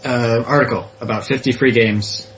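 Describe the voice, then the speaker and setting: A man's voice: mid-range voice, fairly even intonation, normal speed, fairly bright tone, a little hiss or hum, rough recording. A man co-hosting a casual gaming podcast, giving dry, short replies. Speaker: podcast co-host.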